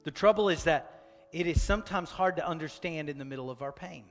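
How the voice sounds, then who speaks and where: A man in his thirties preaching a sermon as a pastor, telling a personal story and swinging from loud urgency to a soft, near-whispered hush. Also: on the high side, fairly quick, big-room sound, faint music behind.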